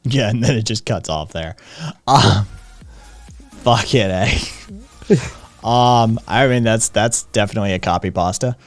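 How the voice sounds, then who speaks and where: A man's voice: on the low side, a little slow, long pauses, faint music behind. Profane, laughing male stream host. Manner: loose, profane, laughing banter. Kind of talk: casual live-stream chat.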